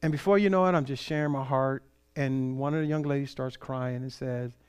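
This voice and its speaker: A man's voice: medium pitch, a little fast, hardly any pauses, smooth. A middle-aged man from California, a pastor telling a story in a sermon and acting out the voices of the people he met. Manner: animated storyteller, acts out quoted voices.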